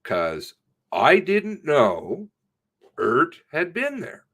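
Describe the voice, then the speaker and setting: A man, a police sergeant, gives a halting, profane retelling of an incident in a recorded statement, correcting himself as he goes. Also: on the high side, wildly swooping pitch, a bit bright.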